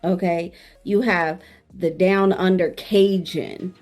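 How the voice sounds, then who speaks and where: A woman's voice: on the low side, fairly even intonation, slow, darkish tone, faint music behind. A young woman from New Orleans, a streamer guest, talking frankly and casually in an interview. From New Orleans, Louisiana. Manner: candid, frank, laid-back.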